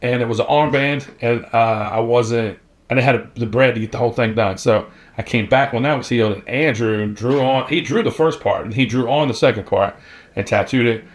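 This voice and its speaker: A man's voice: medium pitch, a little fast. A man, a tattoo artist telling a story from his youth in a blunt, profane, laid-back way. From Virginia, US. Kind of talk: casual storytelling.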